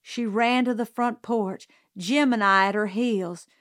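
A woman reads a story aloud at a slow, measured pace, with a fairly high voice. The sound is close and dry, with no room echo. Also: steady tone, fairly bright tone. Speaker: audiobook reader. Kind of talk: scripted storybook narration.

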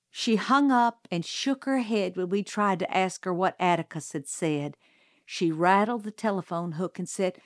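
A woman narrating a storybook aloud in a measured, even storytelling delivery. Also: lowish voice, no room sound, clean studio sound. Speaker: audiobook reader.

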